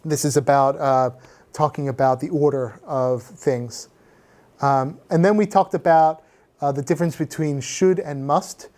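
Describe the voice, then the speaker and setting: A man's voice: on the high side, fairly even intonation, unhurried, a little mellow. A man reviewing English grammar for a class, patiently explaining rules with many fillers and switching into Korean. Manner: frequent filler sounds. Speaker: English teacher.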